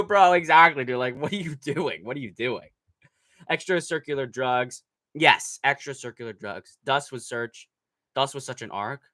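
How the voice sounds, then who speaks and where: A young man hosting a live stream, reading chat aloud in a brash, profane, mocking way and breaking into shouts. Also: medium pitch. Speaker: livestream host reading chat. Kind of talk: casual livestream chat.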